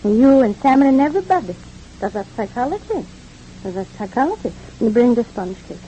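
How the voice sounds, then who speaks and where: A woman's voice: fairly high pitch, big pitch swings, brisk, dark tone, a little hiss or hum. An actress playing a talkative, kindly immigrant mother, stammering and philosophizing in 1940s radio acting. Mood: chatty. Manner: stammering repeats, rambling and philosophizing. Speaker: mother of the family. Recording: dull old radio recording.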